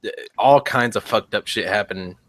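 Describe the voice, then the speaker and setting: A man in casual chat, relaxed and profane. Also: lowish voice, normal speed, dry recording.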